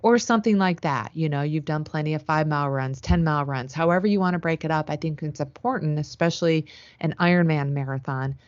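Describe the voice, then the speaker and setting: A woman's voice: low-pitched, fast, a little mellow, dry recording, muffled recording. A woman co-hosting a podcast in casual chat, steadily explaining coaching tips. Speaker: podcast co-host.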